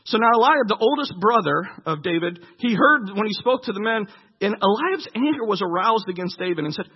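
A man's voice: sits high, lively intonation, brisk, breathy edge. A man preaching a sermon, reading scripture aloud and breaking off to comment. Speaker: pastor. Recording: dull lo-fi recording with long hall reverb.

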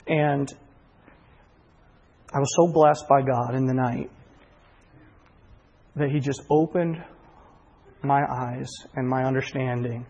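A man's voice: mid-range voice, fairly even intonation, takes it slowly, pauses often, darkish tone, muffled recording. A man telling his personal testimony in an earnest, heartfelt way, often stumbling over repeated words, recorded in a large hall. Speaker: speaker giving a personal testimony. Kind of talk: sermon-like storytelling. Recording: long hall reverb.

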